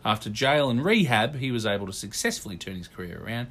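Male co-host, deadpan trivia reader, casual banter. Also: mid-range voice, quick pace. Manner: dry, teasing, reads facts aloud. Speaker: podcast co-host. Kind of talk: casual chat.

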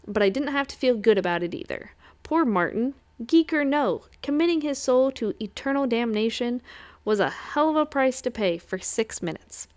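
A woman's voice: on the high side, animated, normal speed. A woman reading a first-person novel aloud, with wry, lightly amused narration. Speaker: audiobook reader.

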